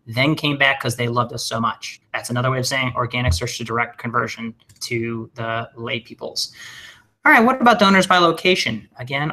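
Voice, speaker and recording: A man giving a recorded webinar lesson, talking fast and casually with jokes and plenty of fillers. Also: mid-range voice. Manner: energetic, joking, conversational with many fillers. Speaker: webinar trainer.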